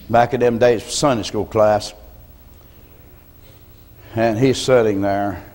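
A man, a pastor from the United States, preaching a sermon in a folksy storytelling way and often clearing his throat. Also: lowish voice, level tone, a little slow, pauses often, darkish tone. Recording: long hall reverb.

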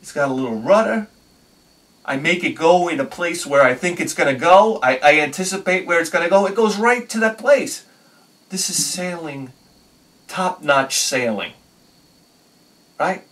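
A man telling a personal story on his video channel, excitable, swinging between loud bursts and quiet asides. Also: on the high side, moderate pace, long pauses, far from the mic. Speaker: video host.

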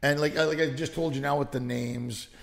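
Gravelly comedian telling stories. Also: male voice, medium pitch, brisk, long reverb tail. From Canada. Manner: lively, swears freely, slips into voices. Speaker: comedian guest. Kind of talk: animated anecdote telling. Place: home in Sydney.

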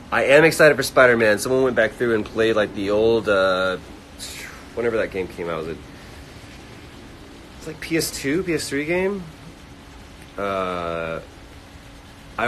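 A man hosting a casual livestream, reading fan comments aloud and answering them quickly. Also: on the low side, lively intonation, fairly bright tone, slight background noise, rough recording. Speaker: livestream host answering chat. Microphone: phone livestream.

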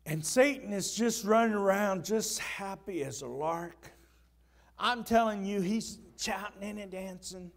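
A pastor preaching with a striking high-pitched voice. He builds his sermon with fervor and breaks into shouting at the big moments. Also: a little slow, creaky. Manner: impassioned preaching, shouting at peaks.

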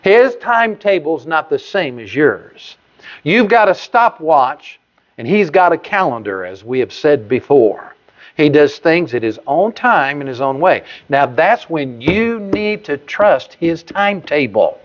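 A pastor preaching a sermon, stressing single words with sudden rises in pitch and volume. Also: male voice, very animated, unhurried. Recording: dull lo-fi sermon recording.

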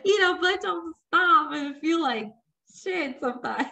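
Calm, encouraging female health coach. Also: sits high, measured pace, creaky, poor audio. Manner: calm, encouraging, laughs easily. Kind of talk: casual interview chat.

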